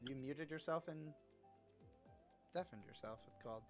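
A man streaming a racing game in casual chat, excitable and teasing, with loud sudden exclamations. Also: fairly high pitch, measured pace, over music. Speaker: gaming streamer.

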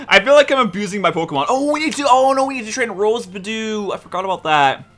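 A man hosting a gameplay commentary, excitable and exasperated, swearing often and pleading with the game. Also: high-pitched, fast talker. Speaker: let's play host.

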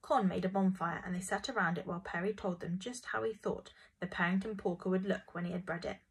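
Husky woman reading a storybook. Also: on the low side, steady tone, fast, low-quality recording. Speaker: narrator.

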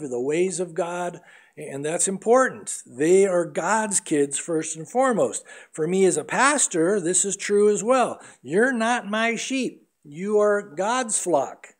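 Middle-aged male pastor, earnest sermon delivery, higher-pitched voice. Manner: earnest preaching, acts out voices in anecdotes.

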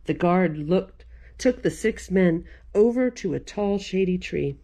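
A woman's voice: on the low side, lively intonation, measured pace, mellow. A woman librarian reading a picture book aloud to children, playful and laughing often.

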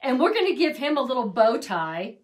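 Gushing high-voiced woman craft host. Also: sing-song, normal speed. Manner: gushing, chatty, doting on her crafts. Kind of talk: casual craft tutorial.

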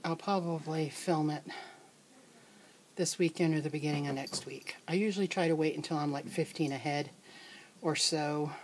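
Woman vlogger, slow and unhurried, slightly low voice, a bit out of breath, faint room hiss. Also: darkish tone. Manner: chatty, doting, halting with fillers and restarts. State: a little out of breath. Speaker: reborn doll collector, channel host. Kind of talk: casual show-and-tell vlog. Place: home nursery room, indoors.

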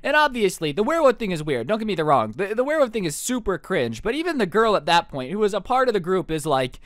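A man's voice: high-pitched, very animated, fast talker, few pauses, a bit bright, no room sound, clean studio sound. A young man telling a storytime vlog, with a joking, sarcastic manner. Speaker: storytime YouTuber.

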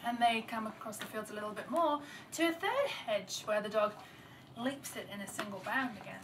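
A woman's voice: on the high side, animated, fairly quick. Female folktale teller, loose spoken delivery, recorded far off with noise. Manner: unscripted, with small restarts and varied loudness. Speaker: storyteller. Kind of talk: oral folktale telling. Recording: distant mic with clear background noise.

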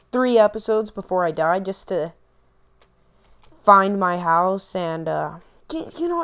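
A woman's voice: on the low side, clean tone. A woman hosting a gaming channel, rambling and self-mocking through casual gameplay commentary.

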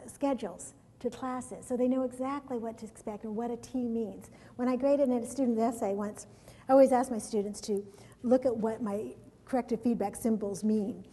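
Middle-aged woman, conference presenter, higher voice with a husky edge, lively, laughs often. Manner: lively anecdotes, laughs often, repeats words. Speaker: education conference speaker. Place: large conference hall. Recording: long hall reverb.

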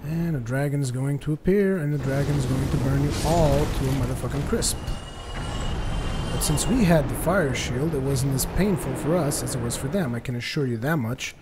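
A man doing joking, sarcastic gameplay commentary, getting excited during fights. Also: medium pitch, moderate pace, very noisy. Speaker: let's play commentator.

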